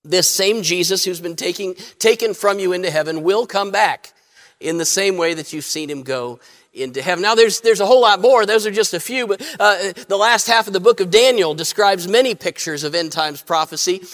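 A man's voice: high-pitched, brisk, a bit bright. A man preaching a sermon as pastor, plain-spoken, with many fillers and repeated starts. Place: church sanctuary. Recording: long church reverb.

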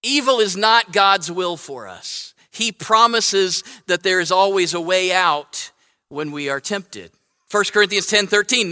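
High bright pastor in a reverberant church. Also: male voice. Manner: conversational, self-correcting, asks "right?" often. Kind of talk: sermon with a read-aloud children's story. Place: church sanctuary. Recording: long hall reverb.

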